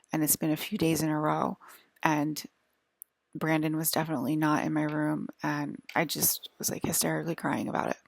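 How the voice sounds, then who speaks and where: A woman vlogger talking in a rambling, halting monologue full of restarts and fillers, sometimes dropping to a whisper. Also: low voice, vocal fry, dry recording.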